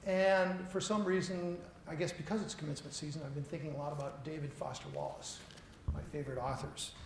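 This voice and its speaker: A man's voice: a little high, fairly even intonation, brisk. Middle-aged man giving a chatty keynote. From Seattle. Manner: conversational, self-deprecating storyteller. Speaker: keynote speaker. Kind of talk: conference keynote lecture. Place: lecture hall with audience. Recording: echoey hall, faint noise.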